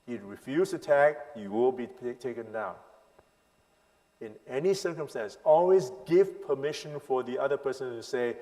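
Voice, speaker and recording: A man teaching a parenting seminar as a sermon, emphatic, asking the crowd rhetorical questions and swinging between loud and hushed lines. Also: mid-range voice, animated, moderate pace. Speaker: pastor leading a parenting seminar. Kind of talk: sermon-style teaching to a congregation. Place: church hall. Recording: long hall reverb.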